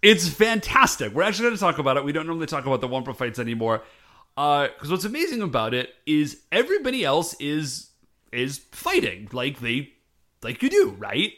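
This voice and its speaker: A man's voice: a little high, brisk. A man co-hosting a casual chat recap of a TV episode, acting out the characters' lines as he tells it. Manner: animated, acts out characters' lines. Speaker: podcast co-host.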